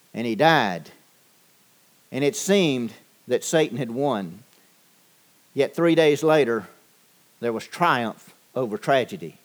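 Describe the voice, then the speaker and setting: A man preaching a sermon, measured and deliberate, with frequent pauses and fillers. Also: mid-range voice. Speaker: pastor.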